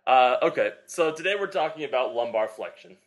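A man's voice: medium pitch, expressive, fairly quick. A young man co-hosting a fitness podcast in casual chat, rambling with lots of fillers as he explains. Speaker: podcast co-host, personal trainer.

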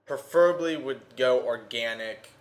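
An easygoing man of middling pitch chatting as a co-host. He hedges his points with filler words and drops in jokes, keeping the tone loose and unhurried. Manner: easygoing, joking, hedging with "like". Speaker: podcast co-host. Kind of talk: casual chat.

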